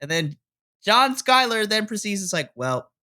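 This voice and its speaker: A podcast co-host giving a casual, animated recap of a wrestling episode and laughing often. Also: mid-range voice, normal speed. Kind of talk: casual wrestling review chat.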